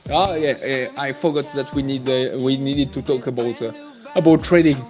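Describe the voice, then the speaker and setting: A man's voice: medium pitch, fairly even intonation, moderate pace, a little mellow, faint music behind. A man with a French accent hosting a live trading stream, chatting casually, joking and greeting viewers by name. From France. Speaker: livestream trading host.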